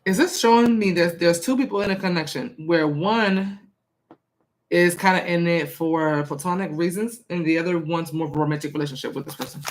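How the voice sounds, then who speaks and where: A woman's voice: on the low side, brisk, a little hiss or hum. Chatty woman doing tarot readings. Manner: chatty, many fillers, reads viewer comments aloud. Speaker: tarot reader. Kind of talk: casual live-stream tarot reading.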